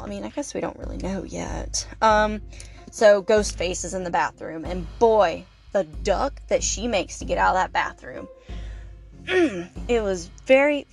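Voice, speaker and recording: A woman's voice: medium pitch, creaky. Chatty, profane young woman reviewing a movie. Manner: chatty, profane, lots of fillers and playful asides. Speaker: podcast host. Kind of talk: casual movie review commentary.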